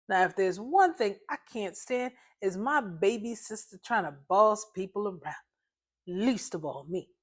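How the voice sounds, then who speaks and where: A woman reading her own short story aloud, narrating in first person with a lively, conversational delivery. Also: mid-range voice, moderate pace.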